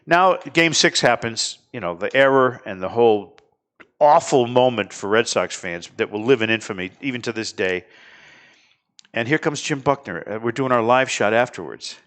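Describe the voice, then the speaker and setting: A man's voice: mid-range voice, normal speed. Chatty middle-aged male talk show host. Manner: chatty, animated anecdote teller. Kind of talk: casual studio chat and storytelling.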